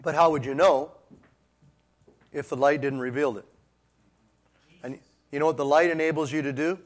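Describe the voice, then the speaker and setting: A man preaching a sermon, firing rhetorical questions at the congregation and swinging between quiet and loud passages. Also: a little high, fairly even intonation, moderate pace.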